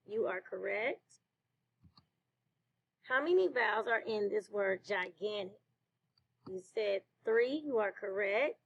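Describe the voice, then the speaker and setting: A woman teacher leading a slow phonics lesson for children, praising answers. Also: a little high, poor audio. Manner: slow, clear classroom delivery with praise.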